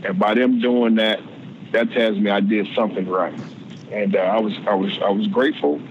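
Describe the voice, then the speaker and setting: Guy in his 40s on a podcast, stumbles and repeats words a lot, dull lo-fi sound with a little hiss. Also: lowish voice. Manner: halting, repeats words while searching for them. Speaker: guest, former pro football player. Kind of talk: casual podcast interview.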